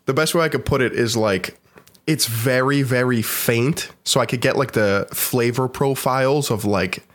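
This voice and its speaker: A young man with a stuffy, congested voice talks through a casual podcast chat. He is laid-back, swears freely and laughs easily, keeping his tone relaxed even while sick. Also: medium pitch, moderate pace. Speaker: podcast co-host. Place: not in the studio.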